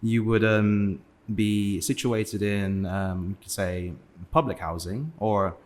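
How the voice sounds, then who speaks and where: A man's voice: lowish voice, slow, darkish tone. A young man from England, a podcast guest, talking casually with many fillers and restarts. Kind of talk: casual interview talk.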